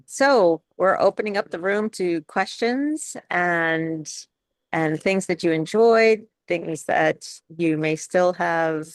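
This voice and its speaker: A woman's voice: fairly low pitch, no room sound. A woman from New York, a speech coach, leading a chatty webinar Q and A with many restarts and laughs.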